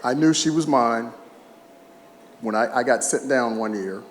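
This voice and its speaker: A man's voice: mid-range voice, a little slow, a little hiss or hum. A man around sixty, a retired baseball player, giving an emotional, humorous speech with personal anecdotes at a podium. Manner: emotional, humorous storyteller who chokes up at times. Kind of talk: heartfelt public speech with anecdotes. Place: large event hall. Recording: echoey hall, faint ambience.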